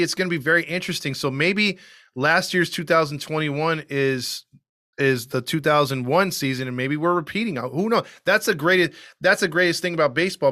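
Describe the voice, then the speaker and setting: A man's voice: on the high side, pushed and bright, no room sound, studio quality. A man co-hosting a podcast, chatting casually and enthusiastically, rambling with frequent restarts. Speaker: podcast co-host. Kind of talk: casual sports chat.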